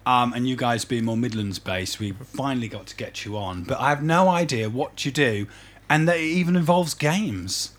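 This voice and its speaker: A man's voice: mid-range voice, normal speed. A man who is a pastor, joking and teasing in a casual chat in a kitchen. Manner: teasing, animated, jokey. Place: home kitchen.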